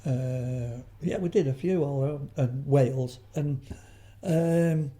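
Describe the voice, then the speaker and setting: A man's voice: mid-range voice, slow pace, mellow. An older man, a guest in an interview, telling rambling stories full of restarts and asides. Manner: rambling storyteller, frequent restarts and trailing asides. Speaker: guest, veteran comedian. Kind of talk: anecdotal interview chat.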